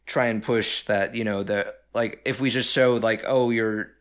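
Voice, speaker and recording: A man's voice: lowish voice, fairly even intonation, a little slow, clean tone. A man co-hosting a casual podcast about movies. He talks in loose, rambling sentences full of "like" and "uh", circling back to restart his points. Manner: chatty, many fillers and restarts. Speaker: podcast co-host. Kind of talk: casual film discussion.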